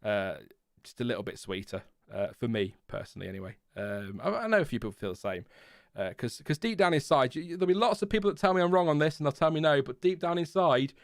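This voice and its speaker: A man in his thirties chats loosely on a live stream, rambling and poking fun at himself with little chuckles. His voice is smooth and resonant, and it sits close and dry on the mic with no room sound. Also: a little high, expressive, fast, dry recording. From Lincolnshire, England. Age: 30s. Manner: rambling, self-deprecating, chuckles often. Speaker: F1 channel host. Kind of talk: casual live-stream chat answering viewers.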